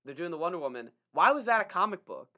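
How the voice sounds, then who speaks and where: A man co-hosting a podcast, chatting casually and nitpicking a movie with quick asides. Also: high-pitched, big pitch swings, pushed and bright. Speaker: podcast co-host. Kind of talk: casual movie review chat.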